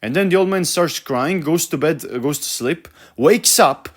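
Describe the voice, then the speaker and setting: Exasperated young man ranting with profanity. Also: fairly high pitch. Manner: profane, exasperated, halting with many fillers. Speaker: vlogger. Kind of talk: ranting book review.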